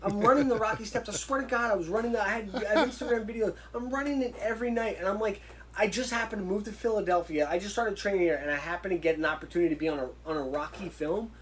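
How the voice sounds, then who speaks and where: A man, a guest in an interview, telling stories in a casual, animated way and acting out the dialogue he quotes. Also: sits high, fast talker, low-quality recording. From United States. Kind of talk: casual storytelling.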